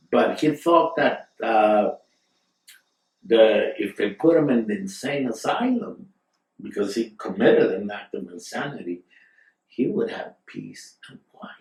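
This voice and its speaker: Man, storyteller, rambling, digressive, very slow pace, distant mic, roomy echo. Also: fairly low pitch, a little mellow. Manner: rambling, digressive, with fillers and asides. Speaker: storyteller, guest. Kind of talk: casual spoken storytelling.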